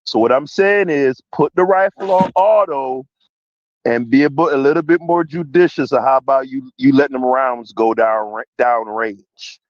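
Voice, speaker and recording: A man's voice: medium pitch, normal speed, no room sound, dull audio. A man making his case in a heated podcast debate, emphatic and repeating his point. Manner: emphatic, repeats "that's all I'm saying".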